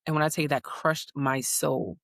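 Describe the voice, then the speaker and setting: A woman's voice: low-pitched, steady tone, moderate pace, a bit bright, dry recording, clean studio sound. A woman in her thirties, born in the United States, telling family stories as a guest and acting out her children's voices. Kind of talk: conversational interview.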